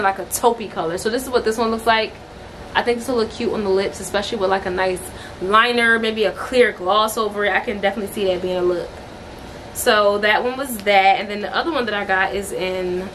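A woman's voice: medium pitch, a bit bright, slight background noise. A young woman chatting casually at home as a beauty vlogger, giggly and full of fillers like "like" and "um". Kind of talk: casual vlog chat. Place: at home, indoors.

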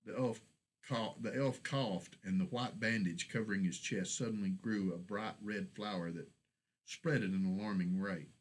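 A man reading his own fantasy short story aloud in a steady, measured storybook narration. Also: lowish voice, husky, poor audio.

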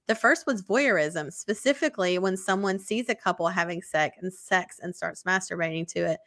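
A woman co-hosts a casual podcast, talking frankly and swearing freely as she reads listener emails. Her voice has a bright, forward tone. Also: fairly low pitch, moderate pace.

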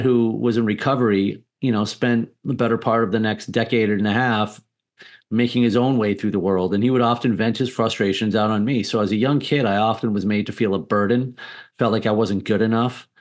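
Man, podcast guest, candid storytelling, blunt and defiant, swears freely, mid-pitched voice.

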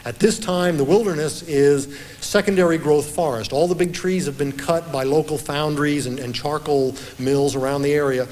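A man lectures on history in a steady, explanatory voice, now and then reading passages from his own book. His voice sits a little higher than most men's. A faint background noise runs under the talk. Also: moderate pace, hardly any pauses. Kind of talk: lecture-style historical storytelling.

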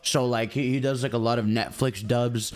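A man's voice: medium pitch, fairly even intonation, moderate pace, a little mellow. A young adult man streaming, chatting casually and rambling while talking straight to his chat. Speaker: game streamer.

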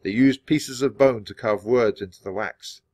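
A man reading a children's chapter book aloud in a clear, steady storytelling manner. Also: medium pitch, normal speed, no echo, clean studio sound. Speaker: storybook reader.

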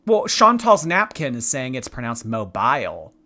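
A man in a sarcastic reaction commentary who takes his time over each line. His bright, forward voice swings widely up and down as he teases, and his delivery stays dry and mocking. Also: fairly low pitch, very animated, slow pace. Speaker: commentary host.

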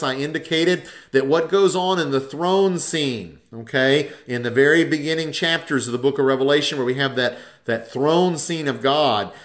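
A man teaching a church Bible class, explaining scripture patiently and reading verses aloud, stopping now and then to correct himself. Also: a little high.

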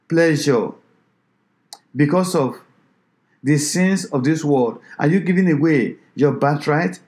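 Higher-voiced male preacher asking questions. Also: darkish tone. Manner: repetitive rhetorical questioning, exhorting. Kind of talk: sermon.

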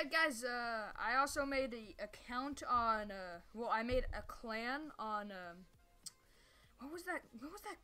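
A woman giving casual live gameplay commentary who rambles, gets sidetracked, stumbles over her words and breaks into sudden yelps. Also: high-pitched. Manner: sudden excited yelps and squeals. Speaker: gameplay streamer.

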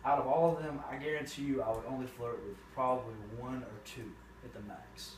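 A teenage man being interviewed, talking casually with loud, profane jokes and fast rambling. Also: mid-range voice, steady tone. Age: teens. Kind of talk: casual chat. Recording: roomy, distant, noisy.

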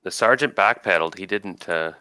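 A man's voice: sits low, fairly quick, pushed and bright, clean tone, no room sound. A man running a tabletop game as game master, casually narrating combat and thinking aloud over dice rolls.

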